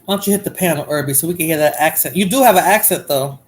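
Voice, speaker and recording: A woman's voice: low-pitched, quick pace, slight background noise, poor audio. A woman hosting a casual livestream, chatting to viewers in chat by name in a drowsy, rambling way. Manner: drowsy, rambling with fillers and restarts. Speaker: livestream host.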